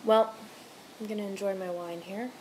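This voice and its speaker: A woman's voice: medium pitch, steady tone, moderate pace, darkish tone, a little hiss or hum. A young woman in her twenties, a restaurant server, chatting to camera at home, rambling, swearing freely and ranting heatedly. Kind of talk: casual chat to camera. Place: home room with TV on.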